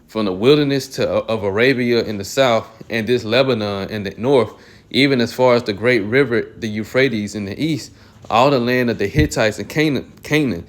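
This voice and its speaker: A man reading Bible verses aloud and commenting on them, often clearing his throat and restarting phrases. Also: mid-range voice. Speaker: Bible teacher.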